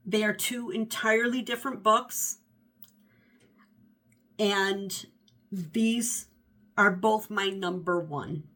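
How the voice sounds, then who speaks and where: A woman in her fifties talks through her favorite reads of the year in a loose, rambling way. Her voice is bright and forward. She corrects herself often and stays animated. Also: medium pitch, slow pace, long pauses. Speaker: book vlogger. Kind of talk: casual book review chat.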